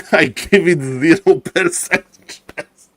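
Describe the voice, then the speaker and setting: Excitable guy streaming esports commentary, kinda high voice, goes off on rambling tangents. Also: slow. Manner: hyped, showman patter, keeps saying "ladies and gentlemen"; rambling asides, playful. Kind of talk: live game commentary.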